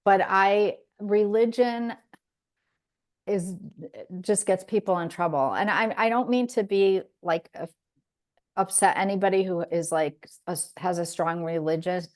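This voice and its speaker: A woman's voice: mid-range voice, measured pace, darkish tone. A woman hosting a podcast in casual chat, talking in an earnest, reflective way with frequent restarts. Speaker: podcast host.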